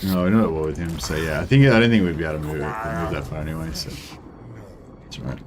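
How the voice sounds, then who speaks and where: A man's voice: very deep voice, quick pace, a crowd in the background. A young Australian man streaming a strategy game, thinking aloud in a rambling, filler-heavy way while answering chat. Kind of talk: casual gameplay commentary, answering chat.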